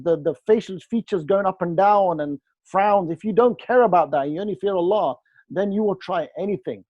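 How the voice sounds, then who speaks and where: A man leading an online training session, talking in a lively, joking way and acting out short dialogues. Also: high-pitched, dry recording. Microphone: video call. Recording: dull lo-fi video call audio.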